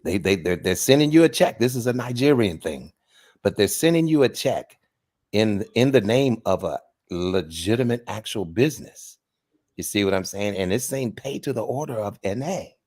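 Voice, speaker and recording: Low, husky man chatting casually. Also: lively intonation, moderate pace, darkish tone. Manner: conversational, repeats words as he goes. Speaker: co-host. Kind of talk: casual chat.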